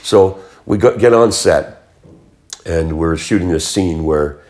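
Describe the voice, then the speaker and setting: A man's voice: low voice, slow. An older man from Canada, a musician and actor, telling stories as an interview guest and acting out the voices of people he quotes. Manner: animated storyteller, acts out quoted voices. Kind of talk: casual storytelling.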